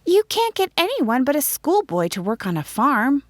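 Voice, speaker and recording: A woman voicing an excitable young schoolteacher, asking eager exclamatory questions. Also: high voice, normal speed, no echo, clean studio sound, pitched above the performer's own voice.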